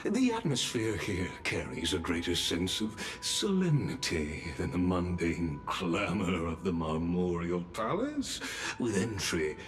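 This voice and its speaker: A very low, leisurely voice that glides dramatically through its range. a courtly palace greeter in a video game, welcoming guests with theatrical flourish. Soft game music sits underneath. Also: male voice, big pitch swings. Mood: ceremonious. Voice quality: deep, ornate, drawn-out delivery. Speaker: game character greeting visitors.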